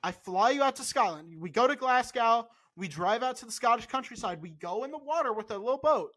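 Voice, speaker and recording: A man co-hosting a podcast in casual chat, animated and insistent, swearing freely. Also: extremely high pitch, fairly quick. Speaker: podcast co-host.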